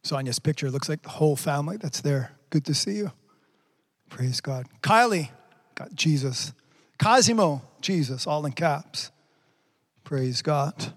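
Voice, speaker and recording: A man with a notably high voice leads a livestreamed sermon. He speaks fervently, reading out viewers' comments and breaking into exclamations of praise. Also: lively intonation, measured pace. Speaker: pastor.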